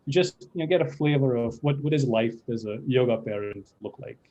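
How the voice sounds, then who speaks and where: A man's voice: mid-range voice, a little fast, warm tone. A male moderator asking questions over a video call in a hesitant way, with many fillers. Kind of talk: interview questions. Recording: muffled lo-fi audio.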